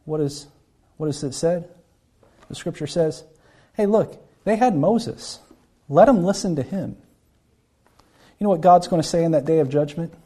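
A man's voice: fairly high pitch, normal speed, pauses often, warm tone. A man preaching a Bible-teaching sermon, earnest and often repeating words as he acts out the people he quotes.

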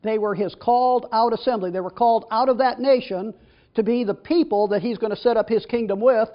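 A man's voice: very high voice, a little fast, lo-fi sound. A man preaching a sermon and teaching from the Bible, reading scripture aloud with emphatic stress.

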